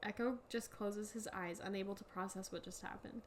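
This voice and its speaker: A young woman co-hosting a casual podcast, reading a story aloud in halting bursts and laughing often. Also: medium pitch, steady tone. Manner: giggly, reads in halting bursts with frequent laughs. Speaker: podcast co-host.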